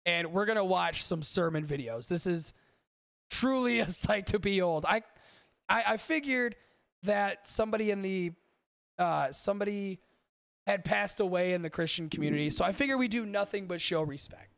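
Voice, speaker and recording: A man's voice: sits high, animated, moderate pace, gravelly, fairly bright tone, no echo. A man hosting a podcast in casual, rambling chat, swearing freely and talking to his live chat. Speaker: podcast host.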